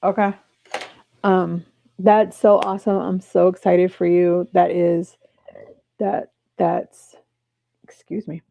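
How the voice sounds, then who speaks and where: A woman hosting a live stream from her desk, chatting casually and breaking into high excited cheers, on a clip-on mic. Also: slow, vocal fry, long pauses, phone-quality sound. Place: home desk. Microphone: clip-on mic in her shirt.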